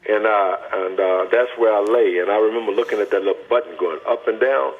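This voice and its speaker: An older man from Texas, telling his personal testimony as a guest in an earnest, deliberate, emphatic way over a phone line. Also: fairly low pitch.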